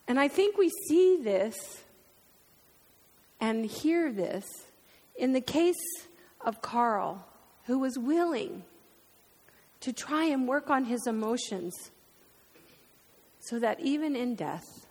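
Woman pastor, slow heartfelt sermon delivery, slightly high voice, long church reverb. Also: animated. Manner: heartfelt, speaks through tears at times. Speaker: preacher. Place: church sanctuary.

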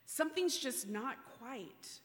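A woman preaching a sermon, animated with playful asides, then hushed and earnest. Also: sits high, takes it slowly. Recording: long hall reverb.

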